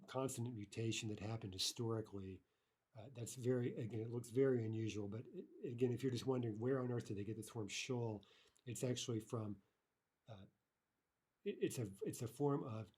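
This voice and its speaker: A man walks through a grammar lesson at an unhurried teacher's pace, stopping often to check in with "right?" His voice is warm and dark, with a slight husky edge. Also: on the low side. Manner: explains patiently, filler-heavy, reads example sentences aloud. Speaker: language teacher. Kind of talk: recorded online lesson.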